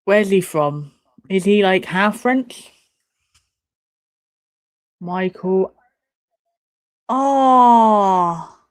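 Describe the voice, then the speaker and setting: Young woman hosting a live watch party, loose and cheeky, mid-pitched, swearing freely. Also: expressive, slow pace. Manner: chatty, swears, laughs and banters at the screen. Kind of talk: casual live-stream chat.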